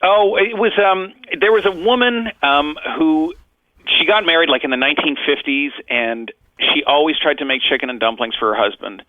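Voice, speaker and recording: A man's voice: on the high side, normal speed, no echo. A man, a guest author, explaining his ideas in a conversational interview and building his points with rhetorical questions. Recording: tinny phone-line audio.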